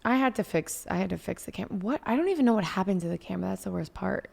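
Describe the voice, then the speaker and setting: A woman hosting a podcast in casual chat, candid and quick to swear. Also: medium pitch, expressive, creaky, darkish tone. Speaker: podcast host. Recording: room with long reverb.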